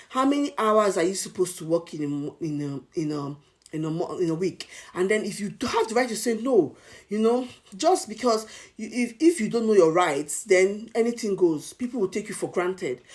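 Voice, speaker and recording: A Nigerian woman talks straight to camera in a casual advice vlog. She drives her points home by repeating them, with an emphatic, coaching delivery. Her voice sits at an everyday middle pitch. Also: a little mellow. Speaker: advice vlogger.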